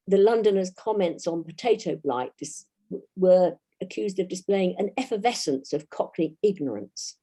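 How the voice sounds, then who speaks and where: A historian with a British English accent gives a history lecture, reading dates and quotations at a measured pace. Her mid-range voice has a dark tone.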